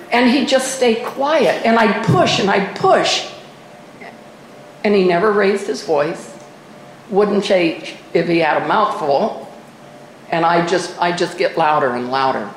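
Standing at a podium mic in an echoey room, an older woman shares her story at a recovery meeting. She's candid and pokes fun at herself with wry humor, her voice mid-pitched with faint hiss underneath.

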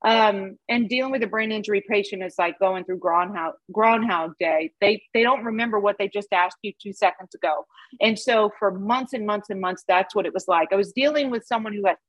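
A woman's voice: mid-range voice, brisk, dry recording, poor audio. A middle-aged woman sharing her personal recovery story with a support group, candid, laughing at her past. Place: Dallas.

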